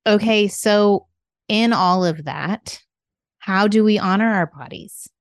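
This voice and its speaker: A woman's voice: mid-range voice, slow, no echo, studio quality. A woman co-hosting a faith conversation, talking in a candid, reflective, questioning way. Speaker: co-host. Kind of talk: faith-based podcast conversation.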